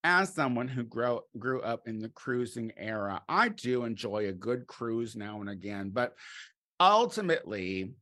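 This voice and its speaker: A middle-aged man delivering a crude comedic monologue, campy and animated, swinging between loud exclamations and low muttered asides. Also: measured pace.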